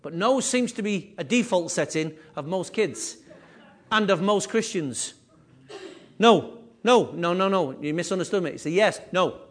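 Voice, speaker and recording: A man preaching a sermon as pastor, animated and repetitive, with conversational asides. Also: high-pitched, moderate pace. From England.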